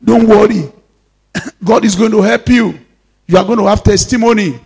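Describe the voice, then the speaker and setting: A pastor preaching a sermon, swinging between loud exhortations and soft, intimate asides. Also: male voice, sits high, moderate pace, vocal fry, husky.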